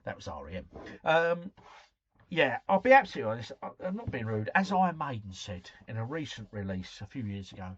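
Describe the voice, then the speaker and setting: A man's voice: medium pitch, wildly swooping pitch, a little fast, husky, muffled recording. A man hosting a casual live stream, chatting to viewers, reading out quiz scores and breaking into bits of song.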